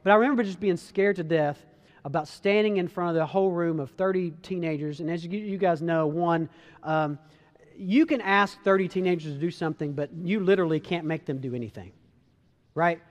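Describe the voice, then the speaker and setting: A man's voice: a little high, a little fast. A man giving an earnest, conversational talk to an audience, telling personal stories with frequent restarts and calling his listeners guys. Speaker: speaker giving a motivational talk.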